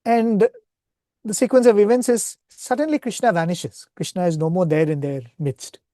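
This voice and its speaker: Man, spiritual retreat speaker, devotional storytelling, earnest, warm voice, dry sound. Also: high voice, moderate pace, no room sound. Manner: earnest, retells scripture stories, often asks "right?".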